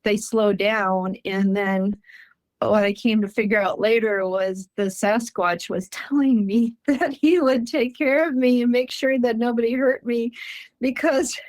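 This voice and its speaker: Higher-pitched woman telling a story. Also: unhurried, no room sound. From Minnesota, USA. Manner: earnest, animated, laughs often. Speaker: guest recounting a personal encounter. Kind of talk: casual storytelling.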